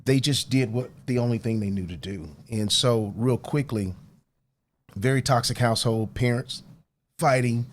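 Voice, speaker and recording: A man speaks as a talk show guest, earnest and deliberate, with a motivational tone. He has the hiccups, which break into his sentences now and then. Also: medium pitch, a little hiss or hum. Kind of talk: casual talk show conversation.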